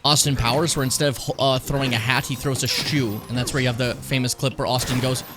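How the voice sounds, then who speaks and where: A young man casually commenting on his gameplay, rambling and swearing, with sudden high excited yelps. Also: fast, background noise. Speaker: streamer. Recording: game music playing behind the voice.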